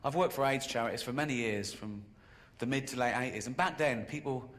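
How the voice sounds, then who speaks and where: A man performing a stand-up routine on a live stage. He tells stories deadpan and breaks into sudden high-pitched outbursts. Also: a little fast, a little hiss or hum. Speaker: stand-up comedian.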